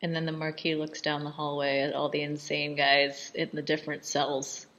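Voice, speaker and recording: Woman, low voice, casual film commentary, amused chatty scene-by-scene recap. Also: completely flat delivery, moderate pace, a bit bright, muffled recording. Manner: chatty, amused scene-by-scene retelling with frequent laughs.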